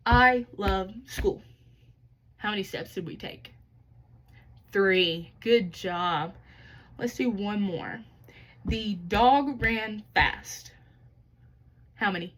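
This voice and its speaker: Woman teaching kindergarteners, slow and sing-song. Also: mid-range voice, a bit bright, poor audio. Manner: slow, exaggerated word sounding for young children. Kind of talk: kindergarten lesson.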